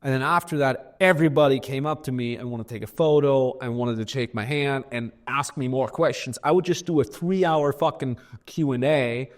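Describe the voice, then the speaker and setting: A man's voice: medium pitch, moderate pace, hardly any pauses. A man speaking as a guest on a podcast. He tells stories candidly in a blunt, profane way and often repeats words as he goes. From Austria. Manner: blunt and profane, with frequent repetitions. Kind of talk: candid storytelling in podcast conversation.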